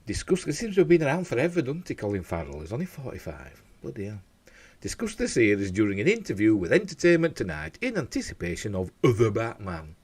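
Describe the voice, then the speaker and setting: A man's voice: lowish voice, huge pitch swings, fast talker, a little mellow, breathy edge. A man hosting a casual news show at home, reading out stories and rambling off into chatty asides, often tripping over his words.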